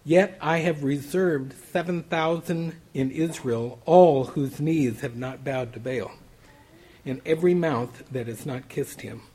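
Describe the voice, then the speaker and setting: A man's voice: fairly high pitch, a little slow, darkish tone, slightly rough. A man preaching a Bible study sermon, reading verses aloud and then commenting on them conversationally.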